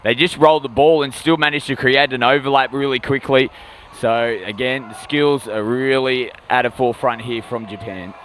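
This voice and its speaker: A man giving calm, analytical color commentary at a live sports match. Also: mid-range voice, a little hiss or hum. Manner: measured, analytical breakdown of plays. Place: outdoor sports venue.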